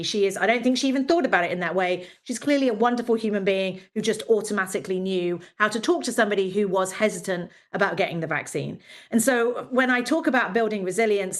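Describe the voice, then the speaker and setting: A middle-aged woman giving an academic lecture in a conversational way, with frequent fillers and quoted asides. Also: mid-range voice.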